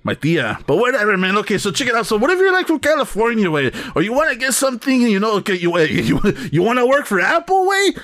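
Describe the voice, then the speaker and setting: A man's voice: high voice, wildly swooping pitch, fast, hardly any pauses, a bit bright. A man hosting a comedy bit, talking in a crude, rambling way and laughing at his own jokes. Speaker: comedy host. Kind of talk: improvised comedy sketch.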